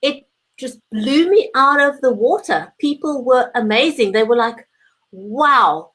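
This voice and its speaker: A woman's voice: high-pitched, expressive, a little slow, fairly bright tone, breathy edge, low-quality recording. A woman co-hosting a live chat over a video call, speaking in an earnest, storytelling way. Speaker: co-host.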